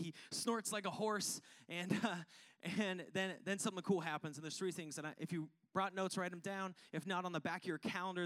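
A man preaching a sermon, fervent and chatty, calling out to the congregation and swinging from hushed tones to loud ones. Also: high-pitched. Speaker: pastor.

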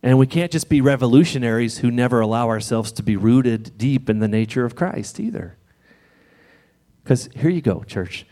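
A man preaching in church in a conversational, gently reassuring way, sometimes reading scripture aloud. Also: mid-range voice, animated, moderate pace. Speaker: pastor. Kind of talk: sermon.

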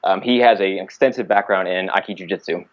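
Low-voiced man telling a story. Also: brisk, dull audio. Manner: animated, acts out quoted dialogue. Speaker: podcast guest, martial artist. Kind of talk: casual storytelling.

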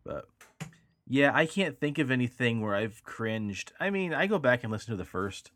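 Male podcast co-host, animated and jokey, dry close sound. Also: mid-range voice, no room sound. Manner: joking, animated, quick to laugh. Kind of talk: casual chat.

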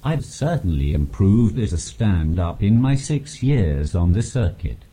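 A man speaking through a text-to-speech device with a monotone, posh English voice, delivering dry punchlines in an interview. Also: low-pitched, unhurried. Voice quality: monotone synthetic voice. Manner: flat, no emphasis, dry punchlines. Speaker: comedian guest. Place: live stage at a comedy festival.

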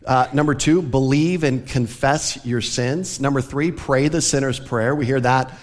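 A male pastor from the American South delivers a conversational sermon, earnest and personable, with occasional light laughter. His mid-pitched voice rings out with a long reverb through a church sanctuary. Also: measured pace.

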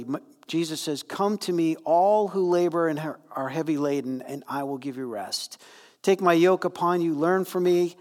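A man preaching a sermon, conversational and animated, with fillers and quick asides. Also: on the high side. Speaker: pastor. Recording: long reverb from a hall.

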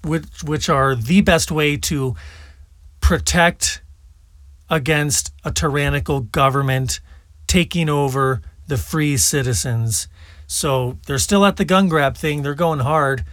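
A man's voice: fairly high pitch, slow, fairly bright tone, no echo. A man hosting a political commentary show, talking casually and scornfully between played clips. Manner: scornful, mocking.

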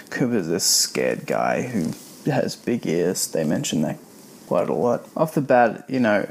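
Guy with a gravelly voice, rambling snarky book recap, pretty chill. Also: on the low side, darkish tone. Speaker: book reviewer. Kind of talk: casual spoken book review.

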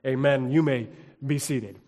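Male pastor from the US, fairly high voice, sermon in a church with long echo, emphatic delivery. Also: unhurried. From United States. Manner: emphatic, building to loud exclamations. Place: church sanctuary. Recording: long reverb of a church hall.

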